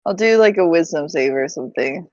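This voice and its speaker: A woman's voice: sits low, lively intonation, brisk, darkish tone, no room sound. Woman thinking aloud, dry dull recording. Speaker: tabletop player. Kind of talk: casual tabletop chat.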